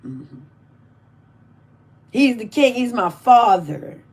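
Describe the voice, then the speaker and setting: A woman's voice: on the high side, animated, measured pace, long pauses, fairly bright tone. A woman ranting with mocking insults and swearing, drawing words out. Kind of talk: profane rant to camera.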